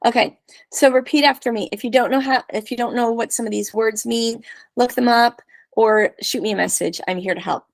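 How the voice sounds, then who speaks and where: A woman teaching Spanish pronunciation, leading slow repeat-after-me drills of syllables and sentences. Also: a little high, fairly even intonation, vocal fry, no echo.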